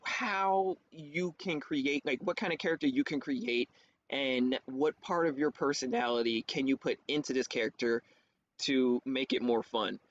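A man, a theater actor, chatting as a guest in a casual interview, animated, laughing often and jumping up in pitch for quoted voices. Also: unhurried. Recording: dull lo-fi stream audio with faint hiss.

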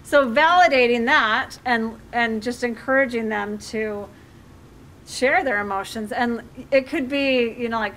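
A middle-aged woman life coach talks to a community audience in a high, bright voice. She is animated and slips into little acted-out exchanges with her children. A faint hum of the room sits behind her. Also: a little slow. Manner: animated, acts out parent-child dialogue. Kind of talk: community talk with audience questions.

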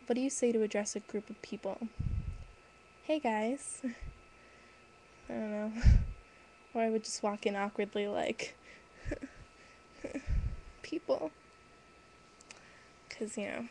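A woman's voice: medium pitch, a little mellow, slight background noise, rough recording. A woman chatting casually to her webcam, laughing at herself as she reads out words. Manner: giggly, self-deprecating, slow and deliberate. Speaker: vlogger. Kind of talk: casual webcam vlog, reading a word list.

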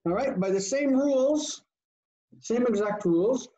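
A man's voice: very high-pitched, animated, a little slow, dark tone, highs cut off. A man teaching a Hebrew grammar class online, patiently drilling word forms and quizzing his students. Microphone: video call.

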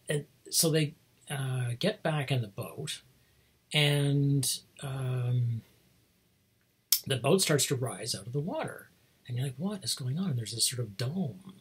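A middle-aged man rambles through a casual monologue, chuckling often and restarting his sentences. His voice is extremely breathy and husky at a middle pitch. The delivery stays loose and unscripted. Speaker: host.

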